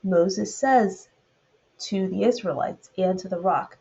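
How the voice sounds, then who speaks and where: A woman's voice: mid-range voice, a little slow, vocal fry, mellow, muffled recording. A woman with a Southern US accent teaching a Bible study, retelling the verses and then adding loose commentary of her own.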